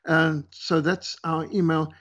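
A man's voice: on the high side, level tone, takes it slowly, fairly bright tone. A male missionary leader as an interview guest, talking earnestly and emphatically with some fillers.

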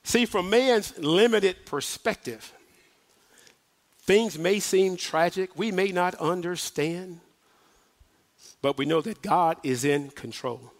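A male minister with a very high voice preaches a sermon. He builds rising, repeated questions that slow down and swell to shouts at their peaks.

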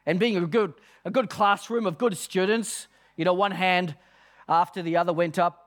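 A man's voice: high voice, steady tone, normal speed. A male pastor, preaching an earnest, emphatic sermon and reading quotations aloud.

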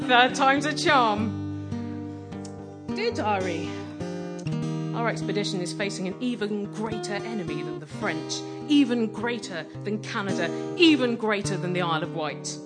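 A woman doing deadpan comic storytelling on stage at a live show. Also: medium pitch, unhurried. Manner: deadpan, dry comic delivery. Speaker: comedy performer. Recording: live performance with loud guitar. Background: guitar music.

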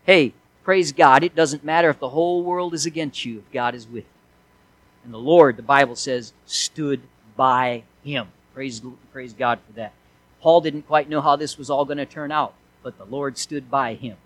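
High-voiced emphatic male preacher. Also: normal speed, no echo, low-quality recording. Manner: emphatic preaching with big swings from loud to hushed. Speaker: pastor. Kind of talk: expository sermon.

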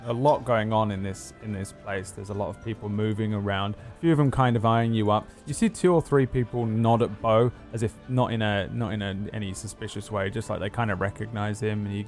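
A man's voice: on the low side, steady tone, brisk, few pauses, darkish tone, faint music behind. A man narrating as game master of a tabletop game, loose and rambling with many fillers.

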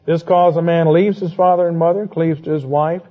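Casual male Bible teacher, slightly high voice, playful and chatty, dull lo-fi recording. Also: steady tone. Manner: conversational, playful asides and quick rhetorical questions. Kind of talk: Bible lecture.

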